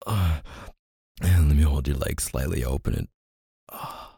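Deep gravelly man, hushed intimate role-play. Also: a little slow, no echo, studio quality. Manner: murmured, often whispered, with frequent moans and groans. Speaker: audio role-play performer.

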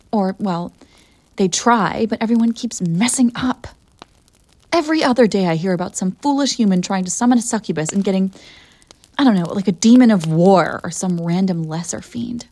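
A woman's voice: medium pitch, darkish tone, dry recording, lightly acted. A woman voicing a proud, bored, centuries-old female succubus in an audio role-play for the listener, haughty and theatrical. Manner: haughty and theatrical, defensive when pressed.

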